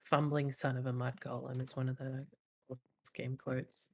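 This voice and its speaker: A guest on a voice call who chats casually in a blunt, deadpan way and makes crude jokes. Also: medium pitch, moderate pace, creaky, breathy edge. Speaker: guest on voice chat. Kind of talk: casual chat.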